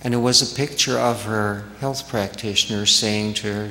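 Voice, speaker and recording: A man telling stories gently to an audience as a spiritual speaker in a large hall. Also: on the low side, fairly even intonation. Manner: slow, gentle storytelling. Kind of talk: storytelling talk to an audience. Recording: echoey hall reverb, faint noise.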